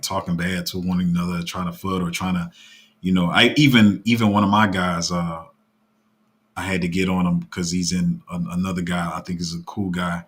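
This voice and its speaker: A man hosting a casual live stream about his paid crypto group, talking in a fairly flat, even tone and rambling with restarts. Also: low-pitched. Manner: rambling, with many fillers and restarts.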